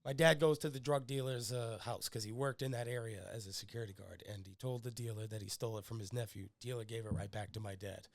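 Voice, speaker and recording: A man's voice: on the low side, fairly even intonation, quick pace, gravelly, hardly any pauses, no room sound. A young man hosting a podcast, telling rambling, crude, joking stories in casual chat. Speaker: podcast host.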